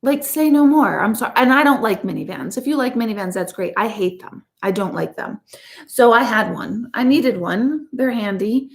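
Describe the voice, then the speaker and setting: A woman's voice: a little high, animated, moderate pace, vocal fry. Chatty, blunt middle-aged woman. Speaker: intuitive life coach. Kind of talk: casual live chat to viewers.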